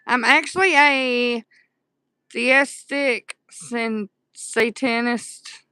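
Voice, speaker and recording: A woman's voice: a little high, fairly even intonation, very slow, bright, forceful tone, clean tone, no echo, clean studio sound. Chatty Southern woman streaming live. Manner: chatty, affectionate, reads and answers chat aloud. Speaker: livestream host. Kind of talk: casual livestream chat. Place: dark room at home at night.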